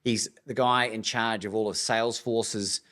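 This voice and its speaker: A man with an Australian accent, a coach telling a story on a podcast in an animated way and acting out the dialogue. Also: fairly low pitch, a little slow. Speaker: guest, coach and speaker.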